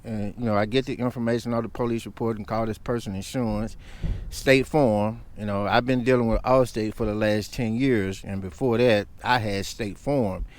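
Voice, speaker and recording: Smooth-voiced man ranting on camera. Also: lowish voice, fairly even intonation, normal speed. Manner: heated and emphatic. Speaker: vlogger. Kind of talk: casual storytelling rant.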